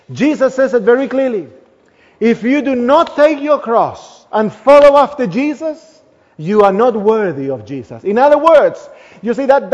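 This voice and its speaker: High-voiced man preaching in a reverberant hall. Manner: emphatic, trailing off softly at phrase ends. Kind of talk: sermon. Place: church. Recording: long hall reverb, dull lo-fi sound.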